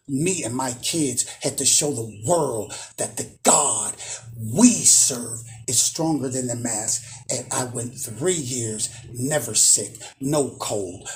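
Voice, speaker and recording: A man hosts a spiritual channel in a casual monologue, boastful and emphatic. He hammers points home by repeating phrases. His voice sits at an ordinary pitch, with faint noise underneath.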